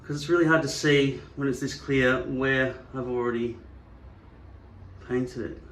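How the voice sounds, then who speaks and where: A man's voice: medium pitch, steady tone, a little slow, a bit bright, echoey room. A man hosting a vlog, musing and digressing wryly as he works. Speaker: channel host. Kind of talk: rambling vlog monologue.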